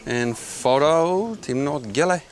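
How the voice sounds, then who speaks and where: A man's voice: a little high, expressive, slow pace, slight background noise. A man with a New Zealand accent hosting a fishing show, coaching anglers on a small boat outdoors in a laid-back, matey way. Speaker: fishing show host and skipper.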